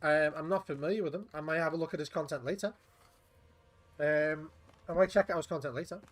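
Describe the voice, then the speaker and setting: A man's voice: on the high side, fairly quick. A man, chatting casually to viewers while streaming games, rambling and swearing. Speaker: game streamer. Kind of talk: casual live-stream chat.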